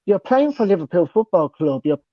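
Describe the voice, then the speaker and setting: A man's voice: high voice, very animated, a little fast, dry recording, lo-fi sound. A man co-hosting a casual football chat who agrees readily and argues through rhetorical questions. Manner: agreeable, rhetorical, lists options. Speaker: football podcast co-host.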